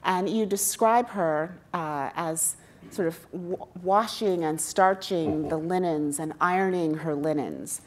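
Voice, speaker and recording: Low-voiced woman interviewer on stage. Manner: measured, reads the bio with small hesitations. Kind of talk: stage interview introduction and questions. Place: stage before a live audience.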